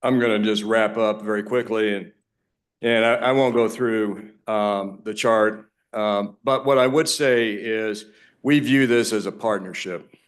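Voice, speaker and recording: A low-voiced man speaks very slowly as he wraps up a partnership pitch for his nonprofit before county officials. His delivery is measured and plain, broken by the odd pause and restart. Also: fairly even intonation. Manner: measured, with some fillers and restarts. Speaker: nonprofit representative. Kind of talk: formal closing remarks at a public meeting. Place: government meeting chamber.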